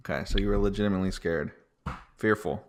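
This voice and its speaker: A man's voice: deep voice, fast talker. A man co-hosting a podcast, asking probing questions and laughing often. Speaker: podcast co-host. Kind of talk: casual chat.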